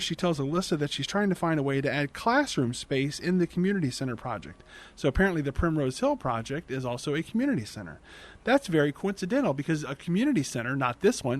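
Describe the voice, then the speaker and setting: A man hosting a podcast, recapping a movie plot in a casual, chatty way, often restarting and correcting himself mid-sentence. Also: a little high. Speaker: podcast host.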